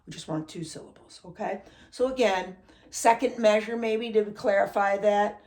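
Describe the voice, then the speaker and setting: A woman's voice: medium pitch, normal speed, a little mellow. A middle-aged woman teaching a drum lesson in a casual way, checking in with a constant "okay?" and counting beats aloud. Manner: says "okay?" after most phrases, counts beats aloud.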